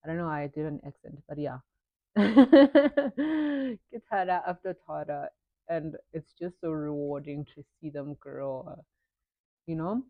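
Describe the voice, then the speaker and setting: This get-ready-with-me vlog has a South African mother talking casually about motherhood as she applies makeup, slipping local-language phrases into her English. Her low voice is flat at a normal speed, and the recording is dry, narrow, and tinny.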